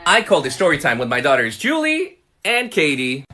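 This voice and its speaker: Animated bright-voiced father telling a story. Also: a little high, brisk. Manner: animated, acts out his kids' voices. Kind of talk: comic story time.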